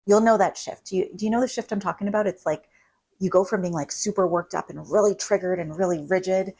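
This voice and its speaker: Speaking at a quick clip, this woman couples therapist has a medium-pitched, darkish, slightly rough voice with fairly even intonation. Her advice to camera is casual and chatty, full of "like" and frequent "right?" tags, captured on a low-quality recording.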